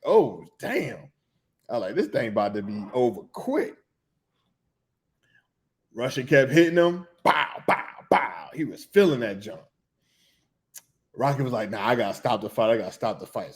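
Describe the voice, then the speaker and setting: A middle-aged man hosting a podcast, telling a loose, animated story in casual slang, with laughs and restarts. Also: medium pitch. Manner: animated, humming tunes and acting out reactions. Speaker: podcast host.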